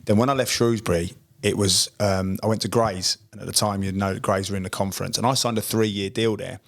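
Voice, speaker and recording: A former pro footballer from Essex, England, co-hosts a podcast and tells a story in casual chat. His voice is on the low side and creaky, fairly quick, and he acts out quoted dialogue in lively voices.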